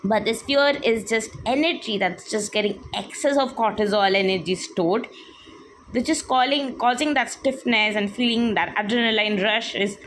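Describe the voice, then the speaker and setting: A woman's voice: fairly high pitch, fairly bright tone, slight background noise. Woman giving a flowing spiritual talk. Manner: explanatory, repetitive, leans on "like" and "literally". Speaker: spiritual teacher. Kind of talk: spiritual teaching monologue.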